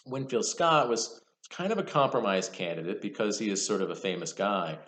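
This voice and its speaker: A man giving a university history lecture, conversational and lively, telling the story with casual asides. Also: medium pitch, brisk, hardly any pauses, reverberant. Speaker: history professor.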